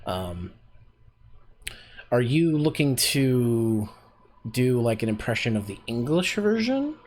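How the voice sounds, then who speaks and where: A man's voice: medium pitch, big pitch swings, takes it slowly, a little mellow. A Canadian man with a Canadian accent, coaching voice acting in a rambling, chatty stream chat full of fillers. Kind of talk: casual streamed voice acting lesson.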